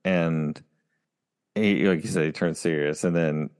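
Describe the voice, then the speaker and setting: A man's voice: very deep voice, fairly even intonation, a little slow, a little mellow, clean tone. A man co-hosting a casual TV recap chat, retelling scenes in a meandering way. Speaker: podcast co-host. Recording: long reverb.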